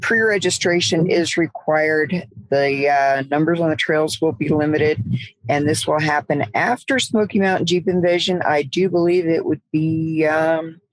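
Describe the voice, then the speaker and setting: A woman's voice: sits low, measured pace, dry recording, rough recording. Southern woman co-hosting a podcast. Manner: friendly, with frequent restarts. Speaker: podcast co-host. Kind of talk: casual podcast chat.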